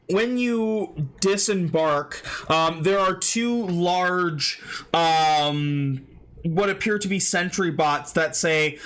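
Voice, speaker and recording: Bright-voiced man running a tabletop game. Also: sits high, smooth. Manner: hesitant, many fillers and restarts. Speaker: game master.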